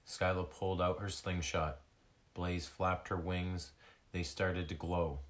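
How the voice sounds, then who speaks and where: Slow deep-voiced male storyteller. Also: level tone. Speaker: narrator. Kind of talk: children's storybook reading.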